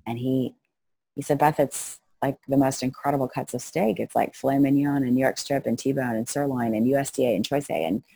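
In a storytelling interview, a middle-aged missionary woman speaks in a bass voice, fairly quick, gravelly and breathy-edged, with no echo. She narrates animatedly, performing the voices of those she quotes.

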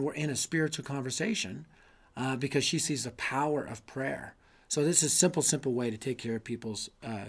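A middle-aged man giving an energetic, conversational teaching talk on youth ministry, emphatic and folksy, full of asides. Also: medium pitch. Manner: emphatic, conversational, lots of 'man' and 'you know'.

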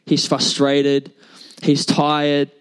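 A man's voice: a little high, monotone, extremely slow, smooth, rough recording. A young man, preaching a sermon in a casual, chatty storytelling way with many fillers. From New Zealand. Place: church service.

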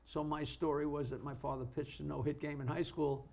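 High gravelly older comedian. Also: male voice, level tone, a little fast, darkish tone. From Long Island, New York. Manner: rambling storyteller, laughs mid-story, restarts often. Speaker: co-host. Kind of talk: casual reminiscing chat.

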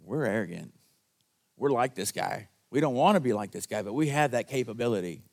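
A man delivers a sermon as pastor, speaking at a medium pitch in a plain, conversational way. He addresses the congregation directly and throws in call-and-response asides. When he acts out quoted lines, his voice jumps higher and louder. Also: animated, a little fast, vocal fry.

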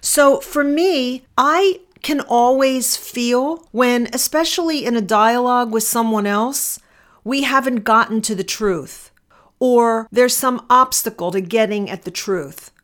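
A middle-aged woman attorney telling a personal story and reflecting on it in a measured, deliberate way. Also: fairly high pitch, a bit bright. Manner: measured, deliberate, slowing for emphasis.

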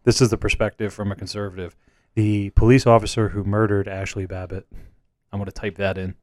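A man's voice: on the low side, flat delivery, brisk, darkish tone, no room sound. A man in casual conversation who jokes, laughs often and uses lots of fillers. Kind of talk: casual chat.

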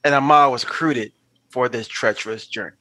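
A man hosting a casual podcast, recapping a film in a halting way with fillers and restarts. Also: mid-range voice, sharp tone, dry recording, low-quality recording. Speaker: podcast host.

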